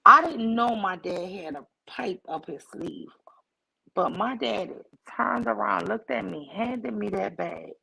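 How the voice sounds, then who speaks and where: A woman livestream host telling a personal story to her chat in a casual, animated way, acting out the voices in it. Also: medium pitch, unhurried, gravelly, husky, poor audio. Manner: animated, acts out quoted voices.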